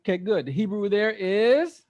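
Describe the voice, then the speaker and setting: Man, high-pitched, interactive scripture teacher who keeps quizzing the room. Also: moderate pace, muffled recording. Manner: lively, quizzes the group, repeats words for emphasis. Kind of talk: interactive Bible study teaching.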